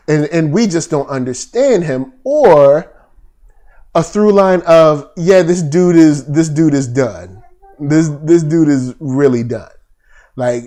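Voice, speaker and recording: A man in loose commentary mode, talking with a slightly raised pitch. He riffs in slang and stops and restarts his thoughts often, the way a podcast co-host does. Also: a little mellow. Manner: conversational, frequent restarts, slangy and blunt. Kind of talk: casual commentary chat.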